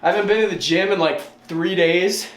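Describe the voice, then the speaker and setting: A man's voice: high-pitched, fairly quick. Laid-back man vlogging in an echoey room. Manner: laid-back, self-mocking, swears casually. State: out of breath. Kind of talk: casual vlog talk to camera. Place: home. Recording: echoey room with faint noise.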